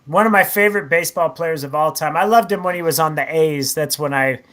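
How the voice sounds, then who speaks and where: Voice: medium pitch, a little fast, a bit bright. A radio co-host chatting casually and joking about history items. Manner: jokey, puts on silly voices, laughs a lot.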